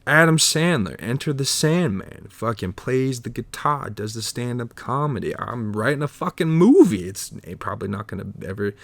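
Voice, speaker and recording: A man's voice: medium pitch, lively intonation, normal speed, gravelly, few pauses, a bit bright, no room sound. A man hosting a solo podcast, rambling in a meandering, profane stream of consciousness. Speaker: podcast host.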